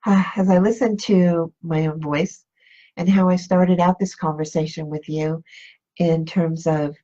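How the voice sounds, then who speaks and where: A woman coach talks to her live-stream viewers in an unhurried, reflective way, circling back to the same questions. Her voice is husky and a little breathy. The audio is dull and lo-fi. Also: on the low side, fairly even intonation, warm tone. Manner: slow, reflective, repeats questions. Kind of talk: motivational live-stream talk.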